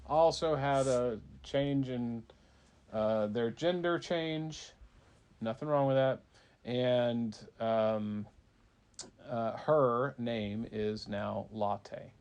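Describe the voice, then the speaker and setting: A man's voice: medium pitch, drawn-out words, a little mellow, clear, resonant tone. A man, a parent, making up a bedtime story for a child in a casual, rambling way with fillers.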